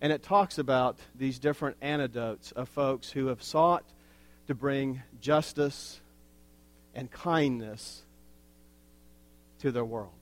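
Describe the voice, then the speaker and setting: A pastor delivering a sermon in a slow, earnest way, with wry asides. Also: male voice, mid-range voice.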